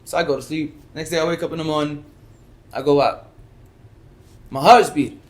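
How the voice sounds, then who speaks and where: Fast-talking man telling a work story. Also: a little high. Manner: animated, acts out his own inner voice and others in quotes; repeats words and restarts often. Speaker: guest. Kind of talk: casual storytelling.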